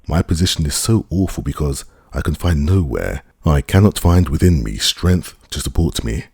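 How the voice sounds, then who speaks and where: A man's voice: extremely low pitch, animated, moderate pace, creaky, a little mellow, breathy edge, no echo, clean studio sound, exaggerated voice. A man voicing a stiff, self-pitying grieving official with a thin voice and formal speech. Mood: crushed.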